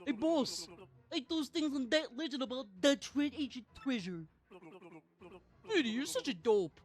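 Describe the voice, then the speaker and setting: A woman's voice: high voice, lively intonation, unhurried, voice pushed up. Woman doing a sneering Brooklyn henchman. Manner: sneering, taunting. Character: mocking male gangster henchman, loudmouth.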